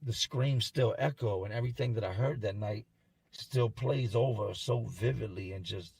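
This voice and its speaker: A man telling a first-person story in a somber, halting way, as if haunted. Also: fairly low pitch, creaky, darkish tone, husky, dry recording.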